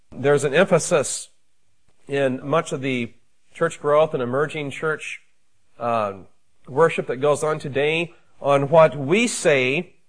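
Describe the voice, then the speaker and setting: A man, a pastor, preaching a sermon in a measured, emphatic way with frequent fillers. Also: medium pitch, low-quality recording.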